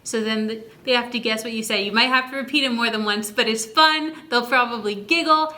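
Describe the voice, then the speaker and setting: A woman presenting an instructional video for parents on early literacy, talking in a friendly, encouraging teacher's way and stretching words out slowly to show their sounds. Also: on the high side, pushed and bright.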